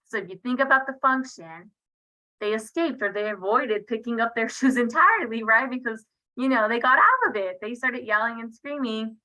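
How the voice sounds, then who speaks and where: A woman leads a parenting workshop over a video call, speaking on the high side with a bright, forceful tone. Her delivery is loose and conversational, with frequent check-ins to her listeners. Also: lively intonation, normal speed, rough recording. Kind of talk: online workshop teaching. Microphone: video call computer mic.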